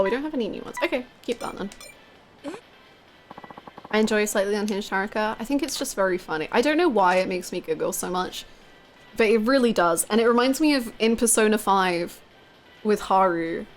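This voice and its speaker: A young woman with a medium-pitched voice, heard over a little hiss or hum, live streams a video game. She chats casually with her viewers, laughing often and swearing freely.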